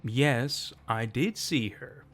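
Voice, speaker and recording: A man's voice: mid-range voice, slow, a bit bright. A man voicing a frightened young woman who pleads urgently with her family. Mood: insistent.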